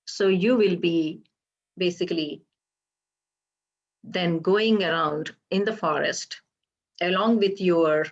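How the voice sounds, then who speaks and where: A woman with a lowish voice retells an old Hindu legend in a halting, explanatory way, checking in with her listeners as she goes. The recording sounds slightly dull and lo-fi. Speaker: storyteller for a temple program.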